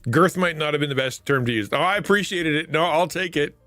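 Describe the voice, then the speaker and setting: A man's voice: on the high side, fast, pushed and bright, no echo, faint music behind. A man hosting a live stream, chatting casually with viewers and retelling funny stories, laughing often, with a stuffy nose. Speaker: livestream host.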